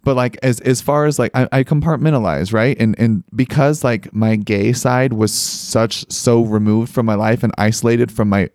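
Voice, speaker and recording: A man's voice: medium pitch, normal speed, hardly any pauses, dry recording. Young man, podcast guest, earnest storyteller, lots of "like" fillers, dry close mic, mid-range voice. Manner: earnest, animated, many "like" fillers. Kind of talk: conversational storytelling.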